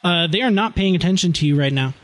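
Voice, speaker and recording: A man narrating as game master, talking in halting bursts with many restarts. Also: high voice, dry recording.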